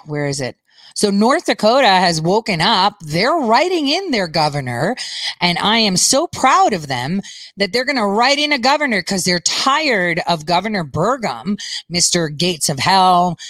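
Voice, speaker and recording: A woman's voice: fairly low pitch, a bit bright, dry recording. A middle-aged woman hosting a podcast, giving rambling, chatty political commentary and laughing often. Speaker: podcast host.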